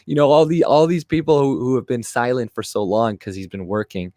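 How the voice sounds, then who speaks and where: A man's voice: mid-range voice, steady tone, moderate pace, mellow, no room sound, studio quality. A young man whose first language is French, hosting a casual livestream and reading chat comments aloud in a sarcastic, profane rant. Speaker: livestream host.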